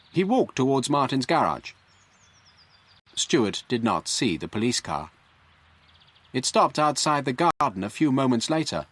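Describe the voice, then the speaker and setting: A man narrating a graded story for English learners in a clear, deliberate way. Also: mid-range voice, a bit bright, dry recording. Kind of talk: slow scripted story narration.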